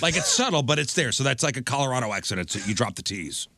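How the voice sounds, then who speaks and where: Ein Mann moderiert locker eine Radioshow und liest plaudernd eine Rangliste vor. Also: male voice, mid-range voice, very animated, fast, pushed and bright. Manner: reads out a list, chatty with fillers. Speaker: radio show co-host. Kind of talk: casual radio banter.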